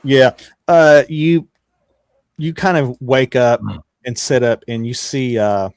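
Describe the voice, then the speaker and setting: A man's voice: mid-range voice, slow, clear, resonant tone, dry recording, clean studio sound. A man narrating as game master in a casual, rambling way, often restarting his sentences.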